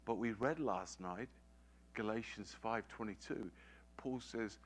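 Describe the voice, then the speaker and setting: A man's voice: fairly low pitch, a little slow. A man preaching a sermon, telling a personal story with earnest conviction and pressing his points with emphatic repetition.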